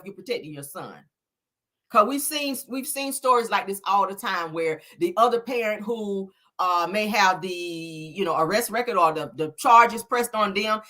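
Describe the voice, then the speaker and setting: A woman's voice: a little high, sharp tone. A woman hosting a casual celebrity gossip livestream, talking sassily to her chat and peppering her talk with "honey" and "child".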